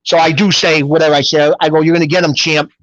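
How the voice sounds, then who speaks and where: A middle-aged New man talks as a guest in a loose, rambling way, animated and full of street-style grammar. His voice sits a bit high for a man. The audio is dull, lo-fi and dry. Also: fast, dry recording. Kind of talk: casual storytelling interview.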